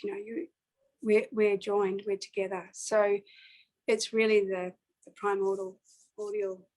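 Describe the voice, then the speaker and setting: A woman's voice: mid-range voice, a little mellow, poor audio. Earnest woman telling a personal story. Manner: reflective and earnest, with many pauses and fillers. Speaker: singer-songwriter guest.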